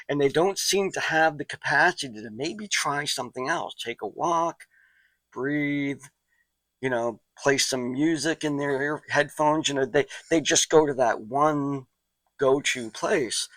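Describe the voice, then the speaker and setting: A man's voice: fairly high pitch, a bit bright, no echo, poor audio. A man giving a recorded college psychology lecture in a loose, conversational way, with asides and anecdotes. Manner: conversational, digressive, with asides and quick impressions.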